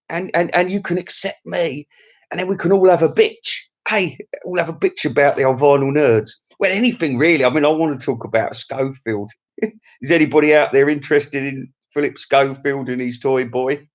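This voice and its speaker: A man's voice: fairly high pitch, moderate pace. A man hosting a casual live stream, reading viewer comments and chatting in a cheeky, rambling, crude way with frequent laughs. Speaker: YouTube live-stream host.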